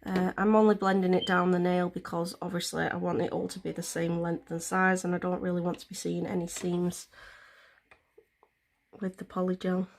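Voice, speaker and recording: A woman's voice: fairly low pitch, level tone, moderate pace, creaky. A woman vlogger, explaining a nail tutorial in a chatty, rambling way with plenty of fillers. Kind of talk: casual step-by-step tutorial.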